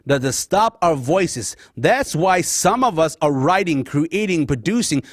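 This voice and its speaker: Passionate high-voiced Lao-born man. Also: lively intonation, unhurried, no echo, studio quality. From Laos. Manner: passionate, addresses audience as guys. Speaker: talk show host. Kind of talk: emotional personal monologue.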